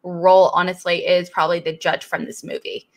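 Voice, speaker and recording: A woman co-hosting a casual movie podcast, talking in a relaxed, hesitant way and sounding sleepy. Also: lowish voice, fairly quick. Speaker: podcast co-host.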